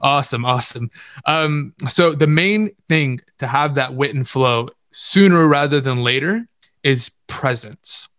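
A man's voice: medium pitch, unhurried, fairly bright tone, no room sound, clean studio sound. A man speaking as a podcast guest, giving confident, instructive advice in casual interview talk and repeating words for stress.

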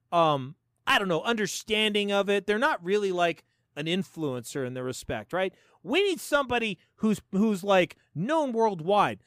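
A middle-aged man hosts a comedy podcast in a loose, sarcastic riff, laughing often. His voice sits high and bounces all over the place. The recording is close and dry. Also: fairly bright tone, no room sound. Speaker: podcast host. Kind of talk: casual comedic commentary.

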